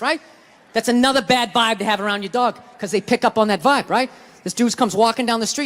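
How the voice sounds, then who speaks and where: A man's voice: very high-pitched, fast, fairly bright tone, big-room sound. Ranting profane male stand-up comic. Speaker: stand-up comedian. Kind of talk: stand-up routine. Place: comedy stage with a live audience.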